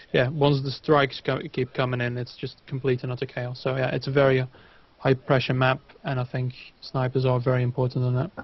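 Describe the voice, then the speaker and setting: A man's voice: medium pitch, dull audio. A man playing guest on a game cast, rambling through analysis with dry jokes, heard over a voice call. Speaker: guest player. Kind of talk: casual chat over voice call.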